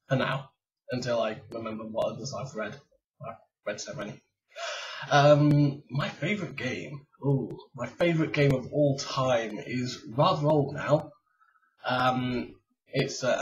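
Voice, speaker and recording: A man's voice: mid-range voice, distant mic. A man in his late twenties from England talks casually to his webcam in a home room. He rambles with lots of ums and pokes fun at himself. The sound is dull and lo-fi, and he sits a little back from the mic. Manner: rambling, chatty, self-deprecating, with frequent ums. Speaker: vlogger. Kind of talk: casual tag vlog chat.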